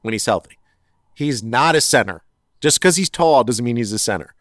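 Man, podcast co-host, casual sports chat, rambling, animated, very dry close sound. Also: mid-range voice, normal speed, no echo. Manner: rambling, animated, self-correcting.

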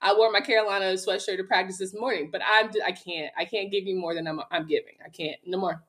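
A woman's voice: medium pitch, quick pace. A woman with a Southern accent, co-hosting a sports talk show, ranting about her team with laughs in between. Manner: venting, animated, laughing between rants. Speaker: co-host.

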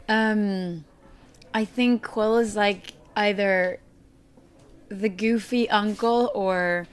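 A woman's voice: mid-range voice, fairly even intonation, drawn-out words, pauses often, clear, resonant tone. A woman interviewed on a film set, chatting casually, giggly and hesitant with many restarts.

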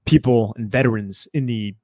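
A man co-hosting a sports podcast, giving his picks in a measured, deliberate way. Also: medium pitch, warm tone, no echo, clean studio sound. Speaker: podcast co-host. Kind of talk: casual sports podcast analysis.

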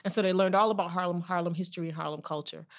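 A mother telling stories in casual conversation, animated and laughing often. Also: lowish voice, rapid-fire. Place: Harlem, New York.

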